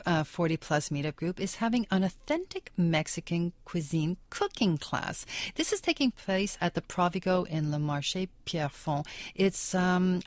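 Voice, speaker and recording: Upbeat female radio host, lower register, dry close mic. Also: a little mellow, no room sound. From Canada. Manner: upbeat, chatty, promotional. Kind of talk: casual radio chat. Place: radio studio.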